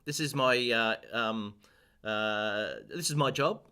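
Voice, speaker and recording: A man teaching a casual live-stream piano lesson, chatty and self-deprecating, chanting rhythms aloud, his voice a little rough with throat-clearing and coughs. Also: mid-range voice, slow, bright, forceful tone. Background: piano playing.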